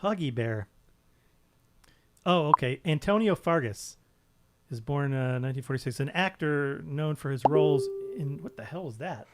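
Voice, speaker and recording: A man's voice: a little high, lively intonation, moderate pace, background noise. A man co-hosting a casual live show from home, joking and rambling, often tripping over his words. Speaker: co-host. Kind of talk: casual chat.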